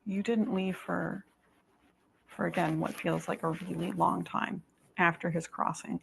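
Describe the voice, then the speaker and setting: A woman working as a psychic medium, talking through a reading over a video call in a halting way, full of "um" and "like". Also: lowish voice, fairly even intonation, creaky, fairly bright tone, slight background noise.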